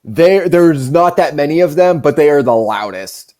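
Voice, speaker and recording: A man's voice: on the high side, lively intonation, normal speed, mellow. Profane, rambling male podcast host. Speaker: show host. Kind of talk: casual podcast chat.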